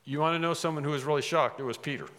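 A man preaching a sermon, animated, acting out quoted lines with rising emphasis. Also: a little high, very fast, in a large hall, a little hiss or hum.

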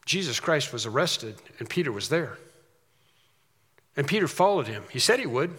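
A man preaching a sermon as pastor, swelling to loud, slowed emphasis on key phrases and dropping back to a quieter tone. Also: mid-range voice, sing-song, breathy edge, big-room sound.

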